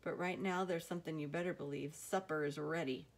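A woman's voice: low-pitched, fairly even intonation, fairly quick. A woman voicing a plain-spoken farmer father with dry humor in an audiobook reading.

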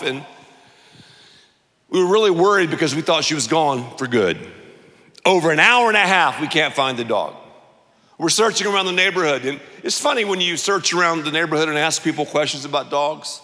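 A man preaching a sermon as pastor, telling a lively, jokey story and acting out other people's voices. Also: a little high, brisk. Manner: animated, jokey, acts out voices. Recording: long hall reverb.

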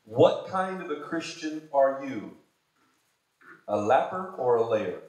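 A man preaching a sermon as pastor, fervent, swinging between shouted exhortations and low, quiet asides. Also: sing-song, slow pace. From United States. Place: church sanctuary. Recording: very echoey church hall.

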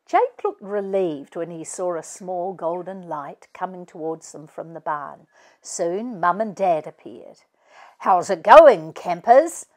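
Woman reading a children's book aloud, slow and expressive, lively pitch. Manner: expressive storyteller. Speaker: author reading her book. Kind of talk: family read-aloud narration.

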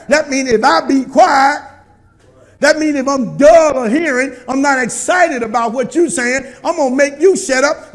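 High-voiced preaching man, shouting at times. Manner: preaching with call-and-response, often shouting. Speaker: pastor. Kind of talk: sermon. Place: church with congregation.

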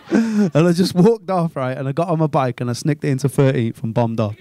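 A Liverpool man in his twenties doing a stand-up set, swearing freely and mocking people with quick put-on voices. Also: a little high, warm tone, a faint crowd. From England. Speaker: stand-up comedian. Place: comedy club stage.

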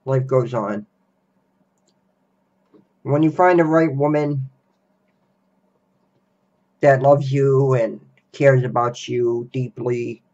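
A young man ranting slowly and repetitively in a reaction video. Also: mid-range voice, darkish tone. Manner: slow, repetitive, grumbling. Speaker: vlogger. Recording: dull lo-fi recording.

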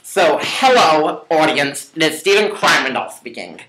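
A cocky, carefree young roommate brags and mocks in a boastful patter, as a young man puts him on. The voice sits a bit high for a man, and the home room around him rings with echo. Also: expressive, a little slow, pushed and bright, a little hiss or hum. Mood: mocking. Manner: mocking, boastful, repeats a catchphrase. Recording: echoey room.

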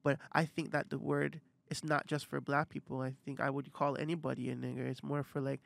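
A man's voice: mid-range voice, little pitch movement, fairly quick, gravelly, fairly bright tone, no room sound. A young man, co-hosting a casual podcast and arguing his point at length. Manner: reasoned arguing, frequent affirming murmurs. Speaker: podcast co-host.

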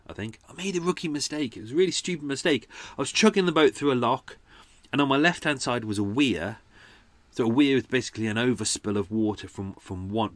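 A man's voice: medium pitch, dry recording. A man hosting a podcast, telling a personal story in a chatty, rambling way, often correcting himself and swearing mildly. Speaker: podcast host. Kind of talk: casual storytelling.

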